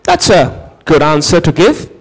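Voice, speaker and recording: A man preaching a sermon, dramatic, shouting some phrases and dropping low and slow for others, asking listeners to repeat words after him. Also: wildly swooping pitch, vocal fry, rough recording. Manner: dramatic, swings from high emphatic shouts to low slow intense delivery.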